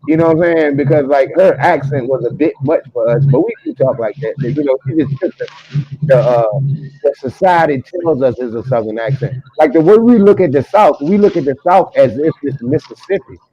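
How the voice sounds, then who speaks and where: A man's voice: mid-range voice, expressive, brisk, slightly rough. A man with a Virginia accent, talking emphatically and profanely in a heated casual discussion. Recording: muffled lo-fi audio.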